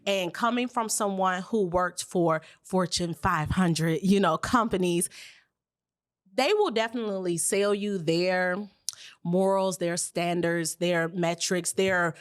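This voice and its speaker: Woman podcast host, enthusiastic and affirming, slightly low voice. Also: slow, clean tone. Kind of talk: casual interview chat.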